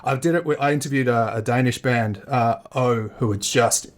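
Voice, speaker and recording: A man's voice: medium pitch, moderate pace, a loud crowd. A man co-hosting a podcast, joking and rambling in a casual, self-mocking way while interviewing a guest. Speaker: podcast co-host.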